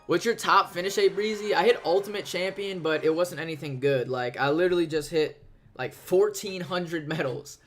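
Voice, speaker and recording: A young male streamer talking through his match in quick, slangy bursts. His voice sits a little high for a man, and now and then he breaks into sudden loud outbursts. Faint music plays underneath. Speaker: live streamer. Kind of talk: live gameplay commentary.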